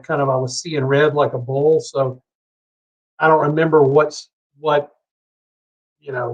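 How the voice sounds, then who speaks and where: A middle-aged man from Savannah, Georgia, telling a long, heated story as a podcast guest, swearing freely and rambling between asides. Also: a little high. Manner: profane, heated, rambling anecdote. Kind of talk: casual storytelling. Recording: dull lo-fi podcast audio.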